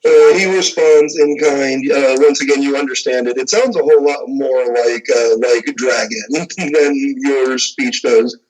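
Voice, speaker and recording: A man's voice: medium pitch, a little slow, few pauses, darkish tone, rough recording. Rambling game master man. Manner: rambling, filler-heavy description. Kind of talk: narrating a tabletop game.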